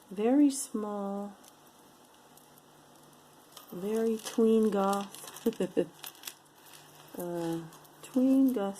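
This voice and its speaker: Woman, unhurried chatty commentary, mellow dark tone, faint background noise. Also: on the low side, low-quality recording. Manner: chatty, describes each piece, playful sing-song asides. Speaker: jewelry unboxing vlogger. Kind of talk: casual show-and-tell commentary.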